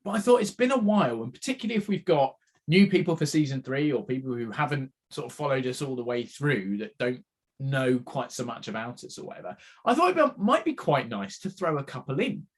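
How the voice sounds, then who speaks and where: A man's voice: mid-range voice, big pitch swings, brisk, slightly rough. A man co-hosting a podcast, teasing and chatty, with many fillers. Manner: friendly, teasing, hesitant with fillers. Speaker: podcast co-host. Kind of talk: casual podcast chat.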